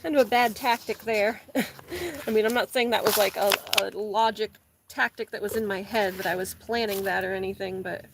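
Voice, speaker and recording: A woman's voice: medium pitch, moderate pace, noisy background. Rambling young woman chatting casually. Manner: rambling, says "like" often, laughs a lot. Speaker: vlogger. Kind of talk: casual chat. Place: garden, repotting plants.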